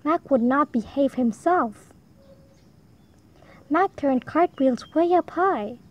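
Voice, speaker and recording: Slow, high-voiced woman reading a rhyming storybook. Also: expressive, lo-fi sound. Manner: slow, sing-song rhyming read-aloud. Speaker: storybook reader. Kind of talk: reading a rhyming picture book aloud. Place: home.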